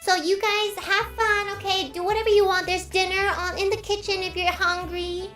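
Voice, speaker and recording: A woman's voice: very high-pitched, flat delivery, normal speed, sharp tone, recorded from a distance, pitched above the performer's own voice. A woman voicing a pushy middle-aged mother setting up a date, sweet and sing-song. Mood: sugary pushy. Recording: roomy echo, faint music.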